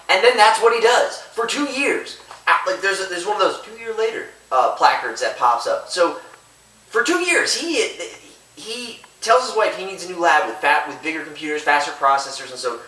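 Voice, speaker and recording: This man chats through a movie review in a lively, up-and-down voice that rambles and keeps restarting. His tone is bright and edgy. He sits a little away from the mic, in an echoey room. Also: high voice, normal speed, distant mic, a little hiss or hum. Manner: rambling, chatty, self-interrupting. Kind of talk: casual video review.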